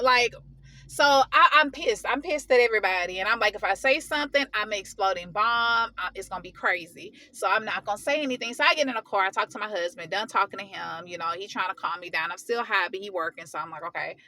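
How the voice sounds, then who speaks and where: A woman telling a personal story in a casual vlog, venting heatedly in slangy, animated talk. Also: on the high side, moderate pace, no room sound. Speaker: vlogger.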